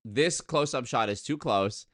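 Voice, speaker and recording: A man's voice: medium pitch, a little slow, a bit bright, no echo, studio quality. A man hosting a comedy commentary, sarcastic and mocking as he picks apart a video. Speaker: host.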